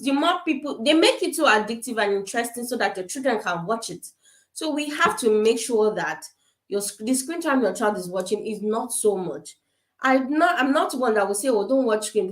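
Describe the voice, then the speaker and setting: Woman from africa talking to parents on a webcam, earnest, lots of restarts, bit echoey. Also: fairly high pitch. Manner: earnest, repeats points, frequent fillers and restarts. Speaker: summit speaker on parenting. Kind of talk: casual online talk to parents. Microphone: webcam on a video call.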